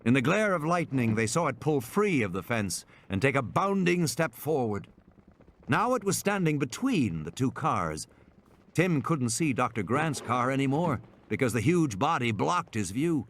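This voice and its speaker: A man narrating an audiobook in a dramatic, scripted style. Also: moderate pace. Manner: dramatic, lively pitch swings.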